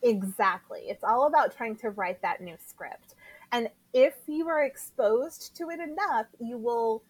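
A woman guest on a podcast, speaking earnestly and quickly in casual chat, sometimes tripping over her words. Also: fairly high pitch, husky, no echo, poor audio.

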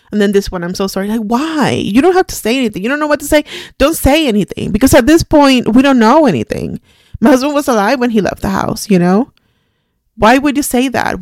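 A middle-aged woman hosting a podcast, telling a personal story in a halting, quiet, shaken way with many restarts. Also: medium pitch, no room sound, clean studio sound. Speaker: podcast host.

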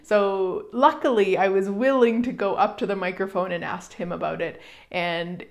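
A middle-aged woman hosting a casual self-help talk, chatty and animated, with fillers and emphatic asides. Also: medium pitch, moderate pace, creaky. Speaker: podcast host.

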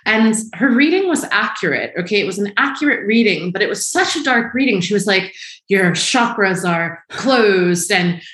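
A woman speaks as a podcast guest, earnest and animated as she tells a personal story, stumbling and restarting now and then. Her voice sits in a middling pitch range, and the room around her rings with noticeable echo. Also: brisk, hardly any pauses. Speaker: interview guest. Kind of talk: casual conversational storytelling. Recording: echoey room.

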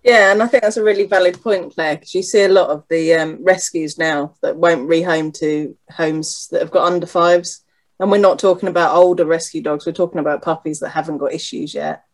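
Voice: medium pitch, steady tone, fairly quick. A dog trainer chatting agreeably and with some liveliness on a panel. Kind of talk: casual panel discussion.

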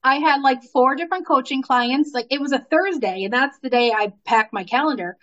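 A woman telling a long story in casual conversation, animated, laughing often and using lots of fillers. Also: high voice, fairly quick, highs cut off. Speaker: guest.

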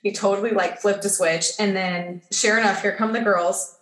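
A woman's voice: mid-range voice, steady tone, normal speed, fairly bright tone, echoey room. A woman guest telling a personal story in a casual podcast chat. She talks with lots of fillers and acts out the dialogue she quotes.

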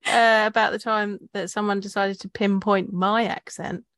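A young woman with a southern English accent, co-hosting a casual podcast, chatty and quick to laugh. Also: mid-range voice, flat delivery, a bit bright, no echo. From Kent, England. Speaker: podcast co-host. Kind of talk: casual chat.

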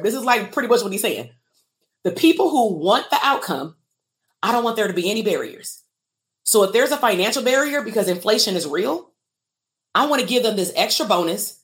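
A woman's voice: medium pitch, a bit bright. A woman, a therapist and business coach, talking candidly and emotionally to viewers on a livestream and asking them to comment. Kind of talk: casual livestream talk to viewers.

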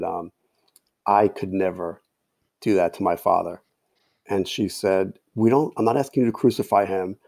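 A man's voice: fairly low pitch, creaky, mellow, no echo. A man telling a long personal story in casual talk, quoting others in his own voice. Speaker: podcast guest, storyteller.

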